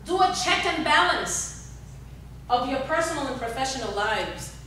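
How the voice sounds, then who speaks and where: High, bright woman exhorting a hall. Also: expressive, a little slow, slight background noise. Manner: exhorting, repetitive, asks the audience questions. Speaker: motivational workshop speaker. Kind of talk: motivational seminar talk. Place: large echoey workshop hall. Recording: echoey hall, speaker far from the recorder.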